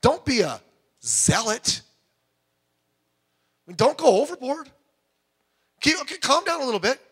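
Middle-aged male pastor with a high voice; emphatic preaching that drops to quiet asides. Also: big pitch swings, a little slow, husky. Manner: emphatic, swings between loud urging and quiet asides. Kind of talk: sermon.

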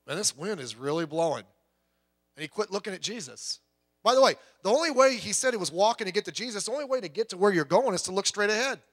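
Middle-aged male preacher, high and bright, casual and joking from the pulpit. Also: animated, fast talker. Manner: folksy, joking, conversational preaching. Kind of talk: sermon.

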